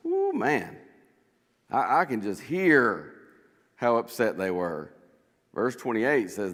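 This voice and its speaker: A man leading a conversational Bible study in a church, animated as he acts out scripture quotes and chuckles along the way. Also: lowish voice, takes it slowly, long pauses, big-room sound.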